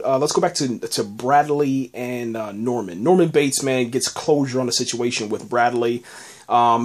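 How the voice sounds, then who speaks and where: A man hosting a casual solo podcast, reviewing a TV episode in a rambling way with lots of fillers, restarts and "man.". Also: medium pitch.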